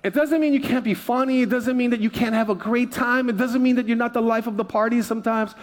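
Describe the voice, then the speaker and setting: A middle-aged pastor from Hawaii preaching a sermon in a relaxed, joking, conversational way, often repeating his phrases. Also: very high voice, fast talker.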